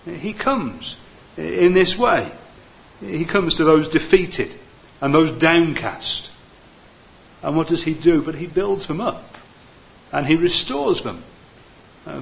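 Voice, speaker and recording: Earnest preacher, lo-fi recording. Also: male voice, on the high side, creaky. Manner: frequent "uh" fillers, gentle and earnest. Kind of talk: sermon.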